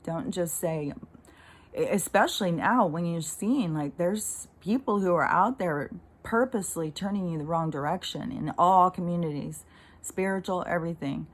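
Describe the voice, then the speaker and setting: Woman, lowish voice, rambling casual vlog, exasperated, swears a lot. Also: moderate pace. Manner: animated, exasperated, swears freely. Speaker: spiritual vlogger.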